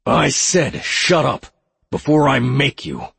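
A man's voice: low voice, very animated, moderate pace, vocal fry, slightly rough, long reverb tail, full character voice. A man voicing a cold, menacing old male spymaster who interrogates in curt commands.

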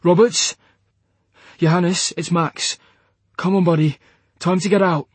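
A man's voice: sits high, fairly even intonation, normal speed, darkish tone, slightly rough, dry recording, pitched above the performer's own voice. A man voicing a young male dragon pilot giving clipped, urgent orders. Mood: coaxing.

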